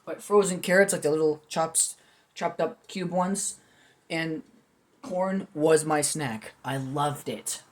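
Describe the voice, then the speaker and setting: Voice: medium pitch, slow pace. A young adult vlog host rambling through a casual food video with jokey, self-mocking commentary.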